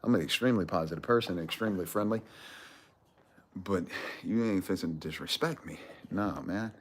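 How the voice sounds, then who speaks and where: A man's voice: low-pitched, brisk. A middle-aged man telling a profane, swaggering story on a livestream, speaking into a phone held at arm's length out in a yard. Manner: profane, swaggering, laughs between lines. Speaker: vlogger hosting a giveaway livestream. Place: outdoors in a yard.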